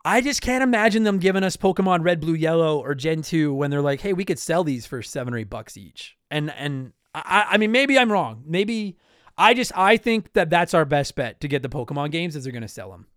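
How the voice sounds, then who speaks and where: A man's voice: a little high, lively intonation, fairly quick, a bit bright, no echo, clean studio sound. A young man from Canada hosting a casual talk show, answering listener mail in a rambling, apologetic way with lots of restarts. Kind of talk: casual chat.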